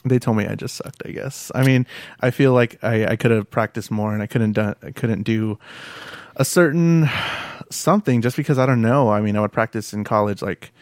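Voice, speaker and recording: A man hosting a casual interview, talking in a relaxed, hesitant way with lots of "I mean" and "um". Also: on the low side, normal speed, no room sound, studio quality. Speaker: podcast host and musician.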